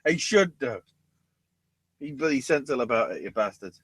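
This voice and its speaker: A man's voice: medium pitch, lively intonation, normal speed, fairly bright tone, husky, no room sound. A man co-hosting a podcast, recapping wrestling shows with sarcasm and plenty of swearing. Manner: sarcastic, profane, mocking recaps. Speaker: podcast co-host. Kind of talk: casual podcast banter.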